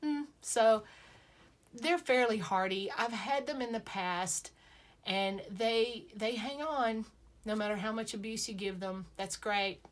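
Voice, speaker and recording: A woman's voice: a little high, takes it slowly. A woman chatting playfully to her viewers, full of self-mocking asides. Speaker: sewing vlogger. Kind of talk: casual chat to camera.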